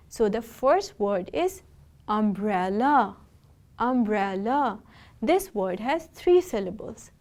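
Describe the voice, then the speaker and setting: A woman teacher, giving a recorded video lesson. She speaks patiently and directly to her students and spells out words slowly. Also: fairly high pitch, darkish tone.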